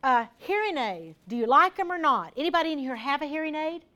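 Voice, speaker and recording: A woman's voice: high voice, sing-song, a little fast, bright, forceful tone. Chatty woman giving a health talk. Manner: chatty, practical, addresses listeners directly. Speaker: health speaker to a group. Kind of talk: informal health talk to a live group. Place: room with a small group.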